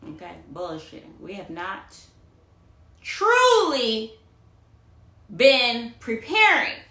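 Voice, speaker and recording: A woman's voice: on the high side, wildly swooping pitch, slow, bright, forceful tone, roomy sound. A woman giving a casual livestream monologue as a tarot reader, sassy and dramatic, tagging her lines with "okay?" and "honey". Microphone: phone livestream.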